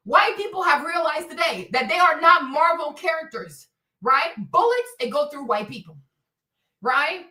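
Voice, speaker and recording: Loud, mocking high-voiced woman. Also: lively intonation, normal speed, far from the mic. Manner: loud, mocking, frequent laughter, repetitive. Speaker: show host. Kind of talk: angry profane live-stream rant. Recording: echoey room, away from the mic.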